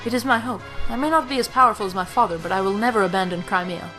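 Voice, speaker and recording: A woman voicing a gentle, earnest young princess who speaks softly. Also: medium pitch, very fast, soft background music, lightly acted, poor audio.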